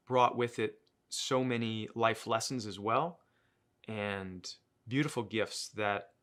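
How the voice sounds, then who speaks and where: A man in his thirties, an actor, speaking reflectively in an interview, pausing often with fillers and restarting his sentences. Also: lowish voice, a bit bright. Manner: thoughtful, pauses with many fillers and restarts.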